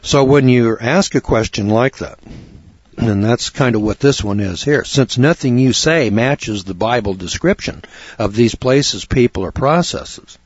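A man telling a folksy, animated story in a lecture, acting out both sides of a conversation. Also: medium pitch, a little slow, dry recording, lo-fi sound. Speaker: speaker on law and scripture.

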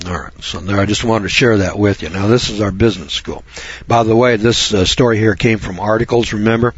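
A man's voice: fairly low pitch, fairly even intonation, a little fast, slightly rough. A middle-aged man hosting a radio talk show, folksy and sarcastic, rambling with repetitions. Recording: dull dry lo-fi radio recording.

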